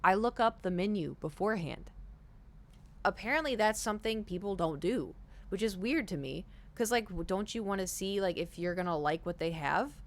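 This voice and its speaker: A young woman streamer telling a rambling story to her chat, animated, with lots of "like" and acted-out quotes. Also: medium pitch, normal speed. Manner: animated, rambling, heavy use of "like", acts out quoted speech.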